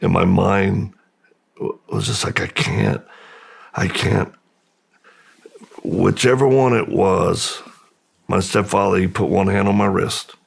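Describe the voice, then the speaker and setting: A middle-aged man speaks as an interview guest, slow and halting, often pausing and restarting. His voice sits very low and is deeply gravelly. It is husky throughout. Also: steady tone. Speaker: podcast guest. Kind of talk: personal testimony in a long-form interview.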